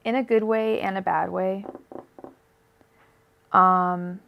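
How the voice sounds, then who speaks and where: A woman's voice: medium pitch, fairly even intonation, slow pace, creaky, dull audio, a little hiss or hum. A young woman giving a live-streamed tarot reading, rambling and emotional, with many fillers and restarts. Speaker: tarot reader.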